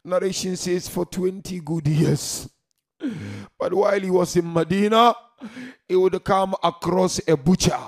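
A man preaching a mourning sermon, half-singing the story with emotional, loud cries. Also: sits high, steady tone, measured pace. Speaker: preacher reciting a mourning narration.

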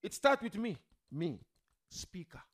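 A man preaching a religious sermon to a seated gathering, emphatic, swinging from loud declarations to quiet murmurs and addressing the listeners directly. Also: sits high, very animated, a little slow. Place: gathering hall with a seated audience.

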